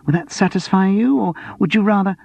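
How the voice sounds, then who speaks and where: A man's voice: mid-range voice, animated, normal speed, a little mellow, husky, no echo, pitched above the performer's own voice. A man voicing a flustered, defensive middle-aged woman who runs a theatre box office, in a storybook reading. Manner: anxious, defensive, sarcastic. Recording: dull lo-fi dry audiobook recording.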